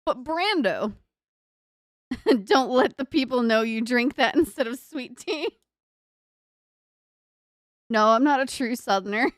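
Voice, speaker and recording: Giggly streamer woman, slightly high voice. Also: expressive, slow pace, pauses often, dry recording, clean studio sound. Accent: northern US with a Southern US tinge. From northern US. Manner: giggly, laughs often, rambling self-talk. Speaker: livestreamer. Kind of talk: casual live-stream chat while building. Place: home computer desk.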